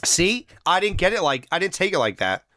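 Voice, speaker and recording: A man co-hosting a casual movie review podcast, animated and acting out lines from the film. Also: high-pitched, brisk, no room sound, clean studio sound. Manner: animated, acts out movie lines in quoted voices. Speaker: podcast co-host.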